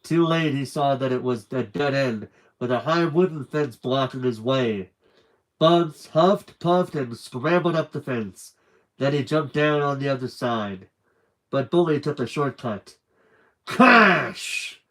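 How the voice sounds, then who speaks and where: A man reading a children's book aloud on a live stream with lively, animated narration and chatty asides. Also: medium pitch, takes it slowly, poor audio.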